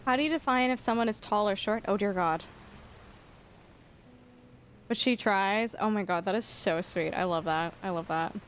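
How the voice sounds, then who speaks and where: A young woman chatting casually on a live stream, telling an embarrassing story with lots of laughter and sudden high squeals. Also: normal speed, long pauses, slight background noise. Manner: animated storytelling, frequent laughter, rising squeals. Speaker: livestreamer.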